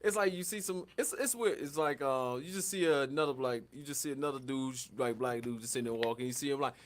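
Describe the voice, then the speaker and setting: A man's voice: mid-range voice, quick pace, a little hiss or hum. A man co-hosting a casual podcast, telling rambling, laughing anecdotes full of restarts. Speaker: podcast co-host.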